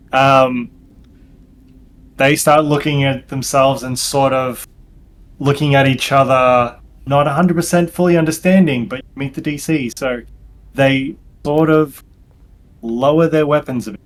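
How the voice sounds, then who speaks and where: A man narrating as game master for a tabletop game, halting with frequent ums and restarts. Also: medium pitch, fairly even intonation.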